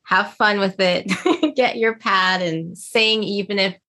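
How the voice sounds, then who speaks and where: A woman's voice: mid-range voice, steady tone, slow. Affirming woman podcast host. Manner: warm affirming interjections. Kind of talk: interview hosting.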